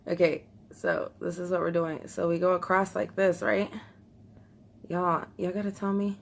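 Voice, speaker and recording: A woman's voice: lowish voice, flat delivery, moderate pace, gravelly, slight background noise. Chatty young woman, nervous and laughing. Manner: chatty, nervous, laughs often, talks to viewers as y'all. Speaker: vlogger. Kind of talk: casual beauty vlog chat.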